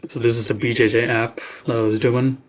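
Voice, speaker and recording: A man's voice: medium pitch, little pitch movement, fairly quick, poor audio. A young man from Tamil Nadu streaming casually while coding, muttering in frustration and swearing a lot. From Tamil Nadu, India.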